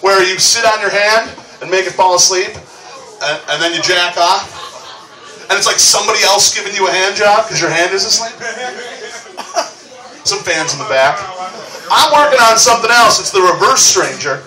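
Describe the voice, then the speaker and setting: A man's voice: high-pitched, moderate pace, pauses often, sharp tone, distant mic. A man doing a live stand-up set on a comedy club stage, crude and conversational, with wry asides. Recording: roomy club recording from afar.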